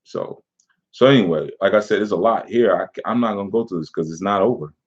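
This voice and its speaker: A man's voice: lowish voice, fairly quick, husky. A man teaching on spiritual matters, answering a critic with sarcasm and scorn. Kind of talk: reading out and mocking a viewer's comment. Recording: dull lo-fi sound.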